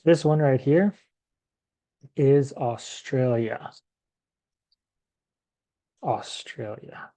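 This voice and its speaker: A man gives a classroom lesson in a relaxed, mellow voice. He speaks slowly and repeats each word patiently for learners, thinking aloud as he goes. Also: medium pitch. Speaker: English teacher.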